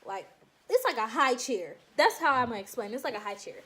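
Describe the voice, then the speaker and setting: A young woman vlogging to her viewers in a casual, animated storytelling way, laughing often and calling them y'all. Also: on the high side, brisk, slightly rough. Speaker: vlogger recounting her enlistment processing.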